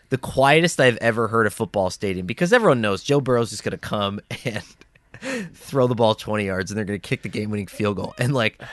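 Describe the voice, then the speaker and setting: A man's voice: mid-range voice, fairly bright tone. Rambling, laughing man on a sports podcast. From US Northeast. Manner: rambling storyteller, laughs mid-sentence. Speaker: podcast co-host. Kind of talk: casual sports chat.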